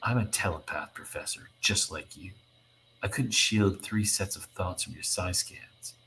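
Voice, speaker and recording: A man's voice: low-pitched, unhurried, sharp tone, a little hiss or hum, full character voice, poor audio. A man voicing a weary, disillusioned male mutant hero who has lost faith in the cause, read aloud with impassioned conviction. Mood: hushed.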